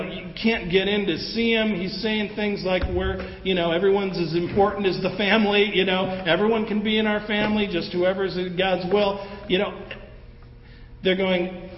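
A man preaching a sermon in a conversational, animated way, acting out the voices of the people in his story. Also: high voice, slight background noise. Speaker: pastor. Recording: roomy hall with long echo, dull sound, faint ambience.

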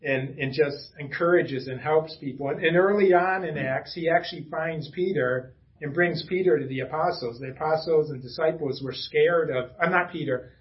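A man's voice: fairly high pitch, moderate pace, muffled recording. A man preaching a casual, conversational sermon to a small church congregation. He talks in a chatty way, with self-deprecating asides and frequent restarts. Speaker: pastor.

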